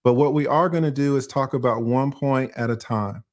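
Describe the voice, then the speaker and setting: A man hosting a legal commentary live stream, calm and measured as he explains himself. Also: medium pitch.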